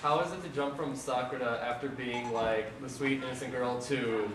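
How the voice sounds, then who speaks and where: A man's mid-pitched voice asks a panel a question from the audience, a little hesitant. He is distant in an echoey hall with clear background noise. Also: steady tone, normal speed. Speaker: fan asking a question.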